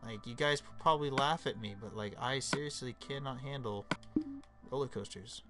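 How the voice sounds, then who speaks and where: A man's voice: mid-range voice, normal speed. Young male streamer, casual joking chat, swearing, faint music behind.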